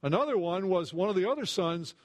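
An earnest man delivers a sermon with a fairly high voice. He restarts and repeats words as he thinks aloud. He climbs in pitch when he retells a story and sinks low and quiet for asides. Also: expressive, a little fast. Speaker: preacher.

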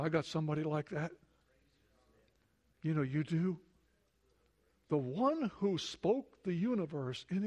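A man with a fairly high voice preaches a sermon in church. He puts questions to his listeners and often sinks to a soft, close emphasis to drive a point home. His voice carries above the usual pitch for a man. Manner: questions to the congregation, drops to soft intimate emphasis. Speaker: pastor.

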